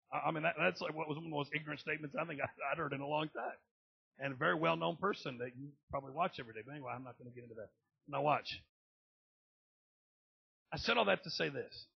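High gravelly man preaching, goes quiet then yells out, kinda dull muffled recording. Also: quick pace, pauses often. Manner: swings from low murmurs to shouted outbursts. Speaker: pastor. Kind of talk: sermon.

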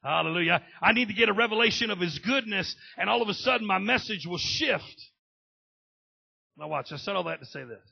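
A male pastor preaching a sermon, dropping to low murmurs and then rising to shouted outbursts. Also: lively intonation, brisk, gravelly, slightly rough, dull audio.

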